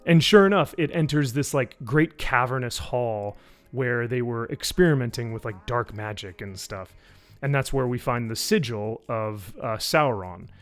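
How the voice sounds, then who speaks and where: A man's voice: medium pitch, normal speed. A man on a live stream recapping a show in a casual, rambling way, sarcastic and profane, with lots of fillers. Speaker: YouTube reviewer on a live stream.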